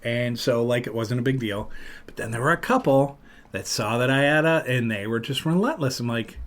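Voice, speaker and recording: A man hosting a podcast, telling a long story in casual chat and loudly acting out what people said. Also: medium pitch, normal speed. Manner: animated, acts out loud quotes of other people. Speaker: podcast host.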